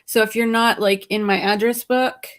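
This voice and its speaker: Guest, tired woman, relaxed rambling chat, slightly high voice. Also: normal speed. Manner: rambling, relaxed, self-correcting. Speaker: guest on a live stream. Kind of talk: casual chat.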